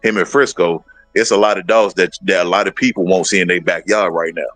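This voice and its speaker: A man with a fairly low voice talks in a casual livestream conversation as a guest breeder. He is animated and acts out other people's words as he tells his stories. The sound is close and dry, with faint music underneath. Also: fairly quick, dry recording, rough recording.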